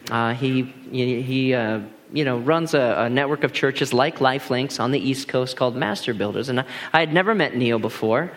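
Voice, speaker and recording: A man in his thirties, a pastor telling personal stories in a lively, animated sermon full of restarts. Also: mid-range voice, moderate pace, hardly any pauses. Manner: animated, laughing storyteller with many restarts. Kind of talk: storytelling sermon.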